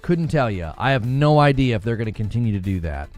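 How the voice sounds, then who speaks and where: A man's voice: medium pitch, expressive, quick pace, a little mellow, soft background music. A man hosting a casual gaming livestream, reading chat and talking back to it, laughing often.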